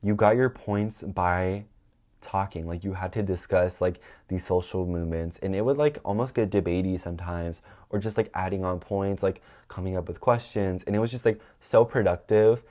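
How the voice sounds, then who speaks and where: Young male podcast host with a lowish voice, venting in animated, rambling, profane chat. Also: normal speed. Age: young adult. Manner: animated, rambling, heavy use of "like" and swearing; acts out quoted people in a raised voice. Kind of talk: casual storytelling monologue.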